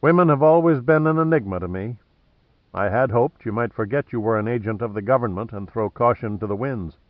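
A man reading an audiobook plays a wry, cocky male adventurer who stays cool under threat, mocking and deliberate. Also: mid-range voice, no echo, phone-quality sound, lightly acted.

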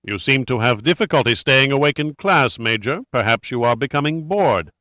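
Menacing thriller heavy, read by a male narrator; cold mockery, sudden yelled orders, bright edge. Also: mid-range voice, expressive, moderate pace, no echo, studio quality. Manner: cold, mocking, erupts into shouting. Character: cruel sadistic male villain, menacing and volatile.

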